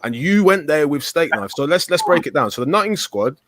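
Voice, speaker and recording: A man's voice: a little high, lively intonation, a little fast, fairly bright tone, dry recording. Dry-sounding man pressing his point. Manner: pressing, repeats himself and restarts mid-sentence. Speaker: panel host. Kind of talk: heated live panel debate.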